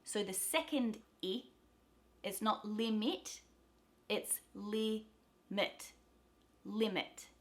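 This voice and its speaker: An Australian woman teaching pronunciation, repeating example words slowly and clearly. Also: medium pitch, lively intonation, a bit bright. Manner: demonstrates words slowly, repeating each several times. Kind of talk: pronunciation lesson.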